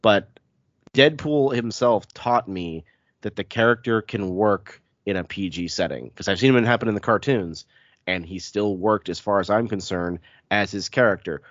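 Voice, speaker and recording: On a casual podcast, a male host talks in a lowish voice, stuffed up from a cold. He's chatty and self-deprecating, tossing in quick asides. The audio is lo-fi with no echo.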